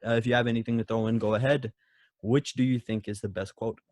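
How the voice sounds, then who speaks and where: A man's voice: medium pitch, steady tone, fast talker, a little mellow, dry recording, clean studio sound. A man co-hosting a casual movie podcast who laughs often and acts out quotes in shifting voices. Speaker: podcast co-host.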